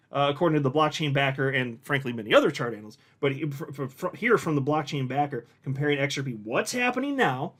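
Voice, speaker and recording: A man hosting his own crypto commentary channel, talking casually and emphatically to his viewers, often breaking off and restarting his sentences. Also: a little high. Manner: excitable, emphatic, self-interrupting with frequent restarts. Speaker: crypto YouTube channel host.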